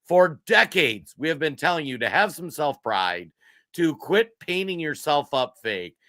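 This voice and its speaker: A man's voice: fairly high pitch, big pitch swings, measured pace, bright, forceful tone, no room sound, studio quality. A man co-hosting a political talk show, talking casually with mocking emphasis and frequent laughter. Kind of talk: casual commentary.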